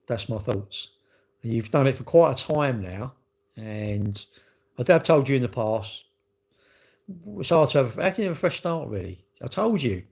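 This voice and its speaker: A man's voice: mid-range voice, animated, normal speed, creaky, pauses often, a little mellow, husky. A man talking casually to viewers on a livestream, rambling and repeating himself in a defensive way. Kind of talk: casual live chat to viewers.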